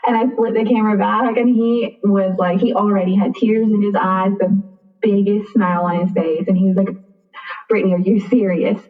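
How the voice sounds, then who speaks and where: A young woman tells a personal story over a thin, phone-like line. She talks in a chatty way, leans on "like", and acts out the back-and-forth of a conversation. Her voice sits at a middle pitch and sounds set back from the mic. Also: steady tone, fairly quick, roomy sound, distant mic. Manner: chatty, frequent "like", acts out dialogue. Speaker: guest.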